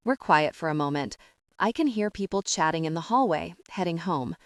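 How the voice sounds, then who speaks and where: A young adult woman reading a first-person romance audiobook with a steady, calm and expressive delivery. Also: on the low side, normal speed, no echo, clean studio sound. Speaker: audiobook narrator.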